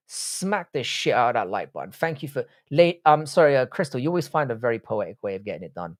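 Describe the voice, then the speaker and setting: A young man with an Irish accent runs a casual livestream and answers his chat in a blunt, foul-mouthed way. He talks loosely and jokes back at viewers at a middling pitch. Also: sing-song, fast talker, few pauses. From Republic of Ireland. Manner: profane, blunt, banters with chat. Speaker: livestream host reading chat.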